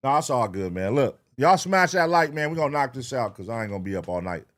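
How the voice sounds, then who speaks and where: Loud animated man streamer. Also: mid-range voice, fast. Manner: loud, excitable, profane, animated. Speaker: streamer reacting to videos. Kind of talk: casual livestream chat.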